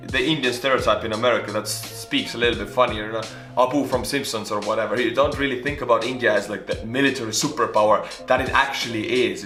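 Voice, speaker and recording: A man in his twenties from Estonia, hosting a casual, playful reaction video with jokey shout-outs. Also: mid-range voice. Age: 20s. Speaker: YouTube host reacting to a video. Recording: roomy echo with faint music.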